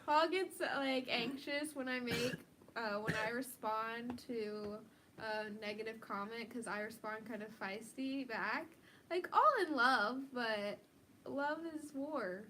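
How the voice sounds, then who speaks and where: A woman in casual chat on a live stream, fairly high and bright in tone. She talks slowly and loosely, full of "like" and quick giggles, as she answers viewer questions. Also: a little hiss or hum. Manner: chatty, giggly, uses many likes.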